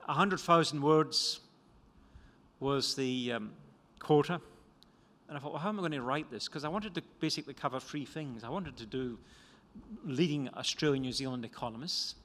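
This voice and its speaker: A Scottish-accented older man from Scotland, an economist, talks about his book at a conference at a normal speed. His medium-pitched voice has a fairly bright tone, and his delivery is rambling and self-deprecating, full of restarts. The room has lecture hall reverb.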